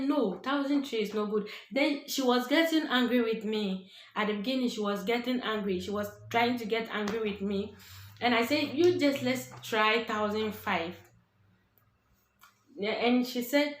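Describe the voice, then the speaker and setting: A Ghanaian woman vlogger telling a personal story casually, acting out what others said. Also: medium pitch. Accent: Ghanaian English. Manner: animated, acts out other people's voices. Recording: echoey room.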